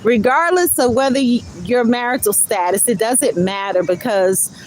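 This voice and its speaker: A woman hosting a live stream, reading song lyrics aloud and then slowly explaining their message in an earnest way. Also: fairly high pitch, slight background noise, low-quality recording. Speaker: livestream host. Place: outdoors or near a road, truck passing. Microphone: phone livestream.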